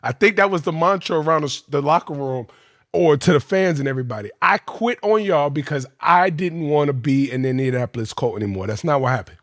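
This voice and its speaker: A man telling his football career story on a podcast, animated, profane and slangy. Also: a little high, a little fast, no echo, clean studio sound.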